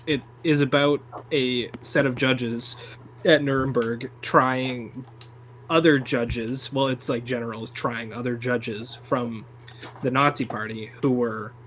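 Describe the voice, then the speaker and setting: A young man co-hosts a casual film chat in an even mid-range voice. He rambles with enthusiasm and swears freely. A faint hum sits under the recording. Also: mid-range voice, slow, rough recording. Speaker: podcast co-host.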